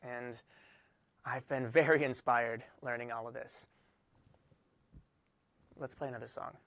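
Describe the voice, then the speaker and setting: A man's voice: mid-range voice, fairly even intonation, unhurried, creaky, a bit bright, no room sound. A man casually chatting to his livestream audience between songs, loose and rambling with lots of fillers. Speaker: singer-songwriter hosting a livestream. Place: indoor room under hot lights.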